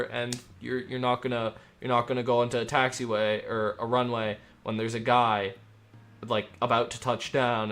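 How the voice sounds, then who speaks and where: A man streaming himself as an air traffic controller. He talks in an upbeat, rambling way between crisp radio calls. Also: medium pitch, a bit bright. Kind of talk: live-stream commentary mixed with radio phraseology.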